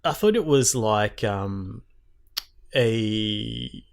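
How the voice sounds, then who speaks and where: A man's voice: lowish voice, lively intonation, very slow. A man co-hosting a casual gaming podcast, rambling through stories with lots of "um" and "like". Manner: rambling, filler-heavy storytelling. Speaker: podcast co-host.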